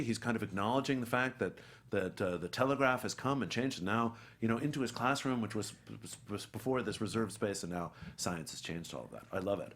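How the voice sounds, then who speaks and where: A middle-aged man, an actor guest, telling an animated story and acting out the people in it. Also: fairly low pitch, a little fast, hardly any pauses. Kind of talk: anecdotal storytelling.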